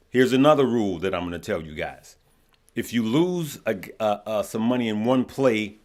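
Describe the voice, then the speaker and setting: Chatty low-voiced man hosting a market stream. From Chicago. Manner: chatty, repeats himself, greets viewers mid-thought. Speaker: stock market livestream host. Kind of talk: casual livestream market commentary.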